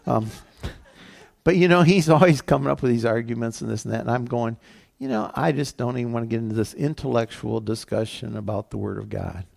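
A man's voice: medium pitch, brisk, creaky. A man, a pastor, giving a casual, conversational sermon with lots of fillers.

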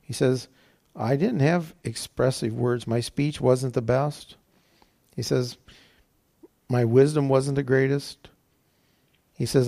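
Preaching a sermon, this man reads from scripture and then breaks it down in plain terms, repeating phrases and leaning on "you know." His voice is medium-pitched, gravelly, and a little mellow, and he laughs when he slips up.

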